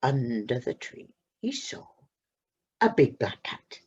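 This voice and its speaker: A woman reading a children's story aloud at a church service, with slow, expressive storytelling. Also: extremely low pitch, slightly rough, muffled recording.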